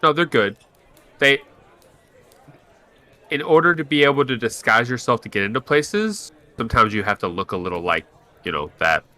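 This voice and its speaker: A man's voice: medium pitch, expressive, moderate pace, long pauses, sharp tone. A man taking part in a tabletop role-playing game, chatting with the others in an eager way. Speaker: player. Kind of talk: casual tabletop play.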